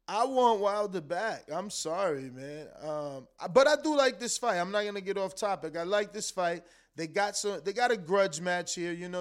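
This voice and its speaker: A man's voice: sits high, clear, resonant tone. A man hosting a live stream, chatting casually about boxing and answering his chat in a loose, argumentative way with some swearing and repeated words. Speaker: live stream host reading super chats.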